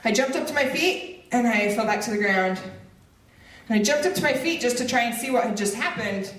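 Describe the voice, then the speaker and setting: A woman's voice: fairly high pitch, animated, brisk, fairly bright tone, distant mic. A woman giving a motivational speech, telling a personal story with humor and direct lines. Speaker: motivational speaker. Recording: roomy echo, voice off mic.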